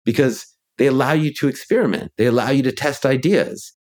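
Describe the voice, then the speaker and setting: A man's voice: medium pitch, a little fast, darkish tone. A man who is a ghostwriter and author, a guest in a casual conversation, talking through his ideas reflectively with many fillers.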